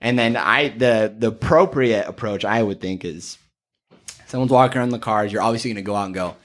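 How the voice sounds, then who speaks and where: A man's voice: on the low side, fairly quick. A young man, a podcast guest, chatting casually and acting out customers and salesmen as he tells stories. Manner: animated storyteller, acts out customers and salesmen. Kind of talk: casual chat.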